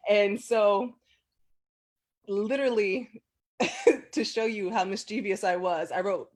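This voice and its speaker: Sharing personal memories in an interview, this woman talks slowly in a medium-pitched voice. Her manner is chatty and filler-heavy with frequent laughter, and she livens up when quoting other people.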